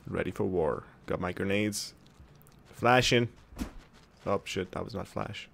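A man's voice: sits low, a little slow, creaky, fairly bright tone, slight background noise. A man casually commenting while he plays a video game, reacting aloud, joking to himself and answering viewer comments. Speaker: gaming video host. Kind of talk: casual let's-play commentary.

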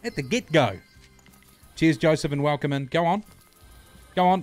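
A man's voice: on the high side, moderate pace, darkish tone, faint music behind. A man hosting a casual livestream, bantering crudely, greeting his chat and repeating himself as he plays. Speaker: livestream host.

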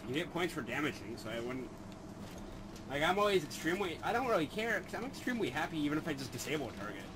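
Lively man explaining a game, noisy background. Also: on the high side, fast. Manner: explains game mechanics, blunt and swearing. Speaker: gamer. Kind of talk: casual gaming banter.

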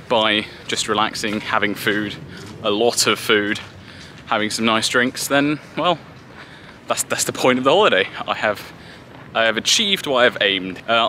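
Young male travel vlogger from Britain, bright and chatty, handheld camera at arm's length, light street noise behind. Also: medium pitch, low-quality recording. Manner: chatty, rambling, self-deprecating. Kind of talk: casual vlog monologue to camera. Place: outdoors in a city, walking.

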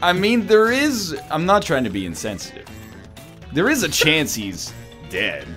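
A man's voice: on the high side, unhurried, faint music behind. A man reading party-game prompts aloud during a livestream, joking and laughing as he goes. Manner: jokey, animated, laughs often. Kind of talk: casual banter while playing a party game.

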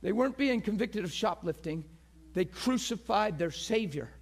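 A man preaching a passionate sermon, swinging from loud, shouted peaks to hushed, near-whispered lines and acting out the crowd with gasps. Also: high-pitched, animated, normal speed. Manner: acts out quoted crowd voices with gasps.

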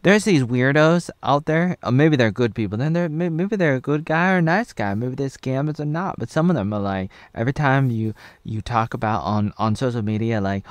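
Rambling man in his thirties, mid-pitched. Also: normal speed, dry recording. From USA (Oregon). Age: 30s. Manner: meandering, talks to himself, chuckling asides. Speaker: vlogger reviewing a TV episode. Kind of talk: casual rambling review.

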